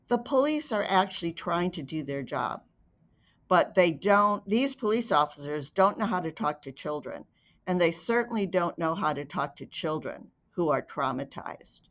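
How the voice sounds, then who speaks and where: Slow, deliberate woman storyteller. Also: on the low side. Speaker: advocate narrator. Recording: dull lo-fi recording.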